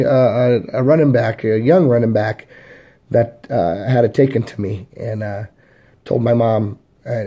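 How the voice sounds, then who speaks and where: Mellow-voiced man rambling through memories. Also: mid-range voice. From Chicago area, USA. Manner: halting, rambling, many fillers and restarts. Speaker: storyteller sharing his life story. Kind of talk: casual personal storytelling.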